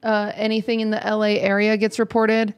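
Brief: young woman host, teasing, giggly, rambling, mid pitch. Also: completely flat delivery, brisk, clear, resonant tone. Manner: teasing, laughs often, rambling restarts. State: a little out of it. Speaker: podcast host. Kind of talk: casual chat. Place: studio, seated beside the co-host.

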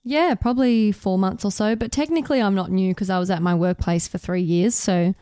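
A young woman, co-hosting a podcast in casual chat, laughing often and saying upbeat words flatly. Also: medium pitch, brisk, smooth, no room sound, clean studio sound. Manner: chatty, laughs often, deadpan delivery of enthusiastic words. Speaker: podcast co-host.

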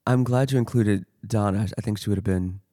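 A man's voice: fairly low pitch, fairly quick, mellow, no echo, clean studio sound. A man hosting a podcast interview, talking in a thoughtful way with many fillers and restarts. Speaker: podcast host. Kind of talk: conversational interview.

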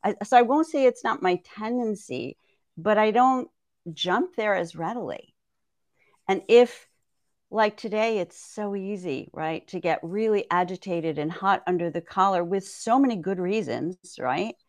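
A woman's voice: mid-range voice, lively intonation, measured pace, no echo, clean studio sound. A woman herbalist guest on a podcast, explaining things thoughtfully and often checking in with "right?". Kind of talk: conversational podcast interview.

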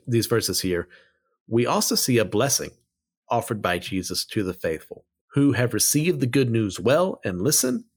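A man giving casual Bible commentary, blunt and opinionated, who drifts off on tangents and pulls himself back. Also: medium pitch. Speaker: Bible study teacher.

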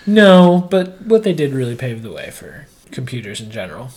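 A man's voice: mid-range voice, huge pitch swings, moderate pace, a little mellow, a little hiss or hum. Laughing man co-hosting a recap podcast. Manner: laughs often, quotes scenes in put-on voices. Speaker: podcast co-host. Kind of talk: casual chat recapping a TV episode.

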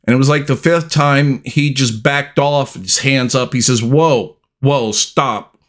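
A middle-aged man hosting a podcast, telling a personal story in a slow, deliberate way with long pauses. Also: mid-range voice, steady tone, a bit bright. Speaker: podcast host.

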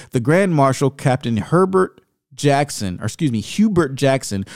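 A man's voice: fairly low pitch, a little mellow, no room sound, studio quality. A man reading newspaper clippings from a book aloud and commenting on them in an emphatic, sarcastic way. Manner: emphatic and sarcastic, with rising indignation. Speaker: video host reading from a book.

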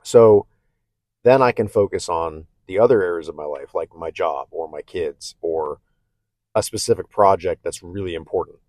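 In a low, slightly mellow voice at normal speed, a man hosts a relaxed self-help podcast monologue, speaking candidly and thoughtfully. Restarts come with stammers, and he often checks in with "okay?"; the audio is dry and studio quality.

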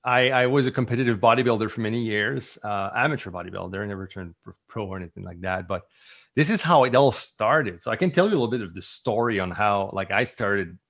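A man's voice: fairly low pitch, fast, fairly bright tone. A middle-aged man, a guest entrepreneur, talking enthusiastically in a rambling, casual way. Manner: enthusiastic, rambling with many "like" fillers. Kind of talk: casual conversational interview.

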